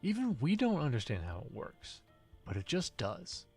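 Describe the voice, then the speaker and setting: A man doing a mock infomercial announcer in a hushed sales-pitch delivery. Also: huge pitch swings, normal speed, husky, soft background music, exaggerated voice. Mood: salesy. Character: adult male infomercial announcer.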